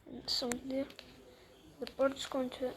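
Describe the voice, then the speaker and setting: Slow, halting woman reading a storybook. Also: sits high, completely flat delivery, background noise. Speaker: storybook reader.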